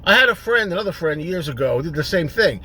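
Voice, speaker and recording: A middle-aged man hosting a solo rant video, exasperated and repetitive, building up to shouting. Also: fairly high pitch, animated, quick pace, slight background noise.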